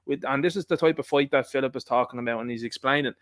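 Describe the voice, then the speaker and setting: An Irish man hosting a live stream, talking in a rapid, insistent way. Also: medium pitch, dry recording. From Ireland. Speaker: host. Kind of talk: casual live-stream chat.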